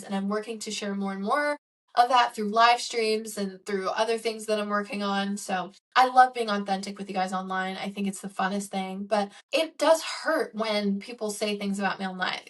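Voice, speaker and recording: Young woman, mid-pitched podcast host, reflective and candid solo monologue. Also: a bit bright, far from the mic. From Chicago. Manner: earnest and candid, many "like" and "um" fillers.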